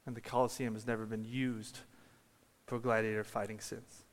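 A man preaching a sermon, telling a story and building to shouted peaks. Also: on the low side, level tone, normal speed. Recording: long reverb of a large hall.

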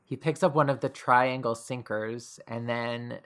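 A man's voice: medium pitch, steady tone, a little slow, fairly bright tone. Chatty man recapping a film. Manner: chatty, many "like" fillers, laughs easily. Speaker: podcast co-host. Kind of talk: casual film recap chat.

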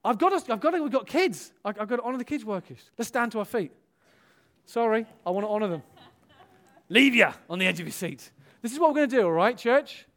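Animated high-voiced pastor preaching. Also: male voice, brisk. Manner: animated, exclaims hallelujah and amen; storytelling, acts out quoted dialogue. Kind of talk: sermon.

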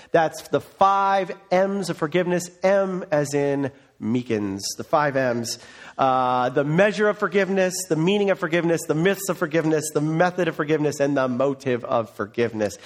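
A man preaching a sermon as pastor, earnest and conversational, opening in prayer. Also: on the high side.

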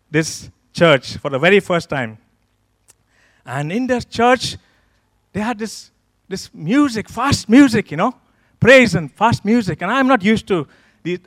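Guy pastor telling a story in church, high voice, lively, acts out what he was thinking, dry close sound. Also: dry recording. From Kenya. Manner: animated storyteller, acts out his own past thoughts. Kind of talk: sermon testimony storytelling. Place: church service.

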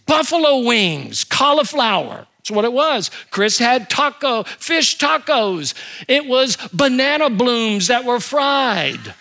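Lively older male preacher. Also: very high voice, slow. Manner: animated, humorous storytelling with rhetorical questions. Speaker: pastor. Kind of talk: sermon.

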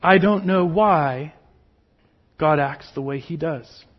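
A man preaching a sermon, slow and emphatic, with sudden drops to a near whisper on key words. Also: fairly high pitch, muffled recording. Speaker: pastor.

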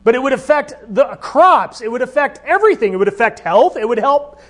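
A man preaching a sermon, talking in a conversational way and asking the listeners questions. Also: extremely high pitch. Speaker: pastor.

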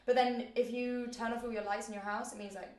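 A woman's voice: fairly high pitch, level tone, brisk, roomy sound. A young woman from England with a northwest London accent, a guest co-host chatting casually, easygoing and laughing often. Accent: northwest London English. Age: young adult. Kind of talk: casual chat.

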